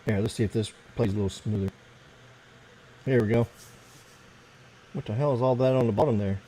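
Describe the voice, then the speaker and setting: A man's voice: medium pitch, brisk, warm tone, slight background noise, rough recording. An American man hosting a casual late-night livestream, rambling and swearing as he fiddles with his computer. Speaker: livestream host.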